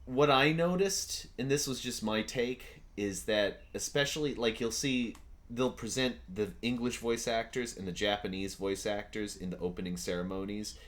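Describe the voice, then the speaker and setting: A man's voice: on the low side, normal speed, fairly bright tone. A man hosting a casual online interview, chatty and often laughing.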